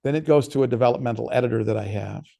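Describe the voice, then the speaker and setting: A man's voice: medium pitch, very fast, creaky, warm tone. A man, an author, giving a casual workshop talk and answering questions, telling stories in a conversational way with frequent restarts.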